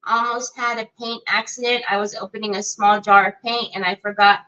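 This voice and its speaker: A woman's voice: medium pitch, level tone, brisk, sharp tone, highs cut off. A middle-aged woman hosting a live crafting stream, chatty, greeting viewers by name with many fillers. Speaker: crafting livestream host.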